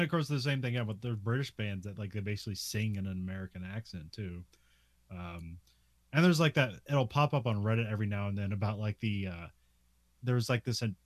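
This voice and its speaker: A man's voice: on the low side, dry recording. A man co-hosting a casual movie podcast, rambling with fillers and laughs. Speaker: podcast co-host.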